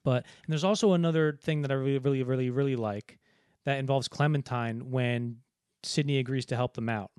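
A man co-hosting a film podcast in casual chat, rambling and acting out movie lines in quick put-on voices. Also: medium pitch, steady tone, a little mellow, clean tone, no room sound, studio quality. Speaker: podcast co-host.

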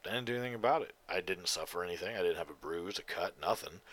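A man hosts his own podcast late at night, sounding tired and yawning between thoughts. His low voice has a bright, forceful edge, and he rambles, swears freely and hammers his points home. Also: sing-song, fast talker, few pauses. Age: adult. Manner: profane, rambling, emphatic. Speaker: podcast host. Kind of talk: casual solo monologue.

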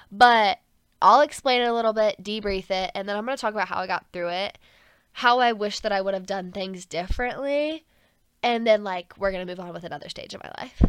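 A young woman speaks alone on her podcast in an easy, chatty way. Her voice sits in an ordinary middle pitch. She talks earnestly and openly, and "like" keeps slipping into her sentences. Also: a bit bright, clean tone, no room sound. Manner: chatty, heavy use of "like", frank and earnest. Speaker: podcast host. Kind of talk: casual personal podcast monologue.

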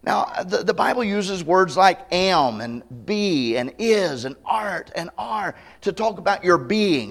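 Guy preaching at a campmeeting, pretty high voice, keeps asking the crowd questions. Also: expressive, slow, few pauses. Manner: emphatic preaching with rhetorical questions to the congregation. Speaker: pastor. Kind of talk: sermon. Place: church campmeeting service.

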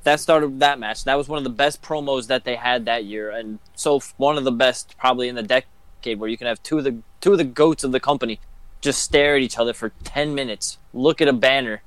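A man as a guest on a casual podcast, steady, giving short agreeing replies. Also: medium pitch, a little fast, dry recording. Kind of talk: casual wrestling chat.

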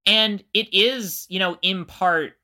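A man's voice: sits high, takes it slowly, bright, forceful tone. A man co-hosting a podcast who explains history in a casual way and thinks aloud. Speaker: podcast co-host.

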